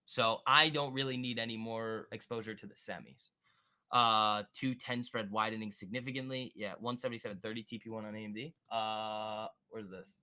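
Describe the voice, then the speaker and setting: A man hosting a live stock trading stream, thinking aloud and answering chat in an excitable, quick way. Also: fairly low pitch, smooth. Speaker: stock trading livestream host. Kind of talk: live market commentary reading chat.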